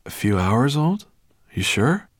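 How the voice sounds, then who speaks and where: A man voicing an earnest, apologetic young boy who speaks softly with sighs. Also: mid-range voice, very animated, takes it slowly, no echo, studio quality, voice pushed up.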